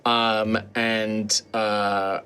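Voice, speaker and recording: A man narrating as game master in a tabletop game, animated and quick with rules. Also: lowish voice, clear, resonant tone.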